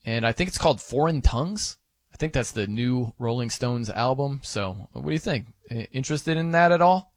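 A man's voice: mid-range voice, moderate pace, no echo. A man filling in as a sports radio host, bantering casually and jokingly with fillers from a studio mic. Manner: animated, joking, rambling with fillers. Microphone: close studio mic.

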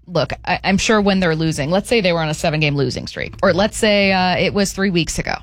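A woman's voice: lowish voice, fairly quick, no echo. A woman hosting a sports radio show from a studio, talking in a chatty, bubbly way. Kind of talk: casual sports talk. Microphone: studio mic.

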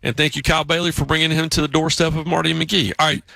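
A man with a Southern US accent, hosting a sports radio show and telling stories in a lively, casual way. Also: on the high side, very fast, creaky, no echo. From South Carolina, US South. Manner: animated, acts out voices in stories.

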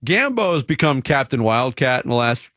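A man's voice: mid-range voice, normal speed, no room sound, studio quality. A man hosting a sports radio show, joking with co-hosts and a contest winner. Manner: lively, joking, animated.

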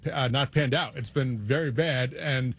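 Frustrated fan venting on sports talk. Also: male voice, medium pitch, measured pace, gravelly, slightly rough. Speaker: guest, team fan.

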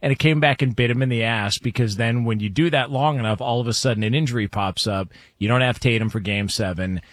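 A man with a mid-range voice in easygoing sports chat, chatty and relaxed as he sums up games. The recording is dry and close. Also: medium pitch, quick pace, no echo. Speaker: sports talk co-host. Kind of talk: casual sports talk.

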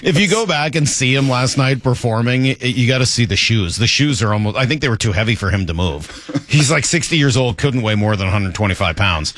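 A man's voice: mid-range voice, lively intonation, brisk, a bit bright. A man co-hosting a sports talk show, joking and chatty with many fillers. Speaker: sports radio co-host.

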